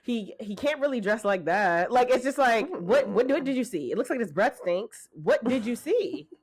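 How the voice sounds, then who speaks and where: A woman's voice: on the high side, lively intonation, normal speed. A woman co-hosting a podcast in casual chat, talking bluntly and with exasperation, often swearing. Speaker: podcast co-host.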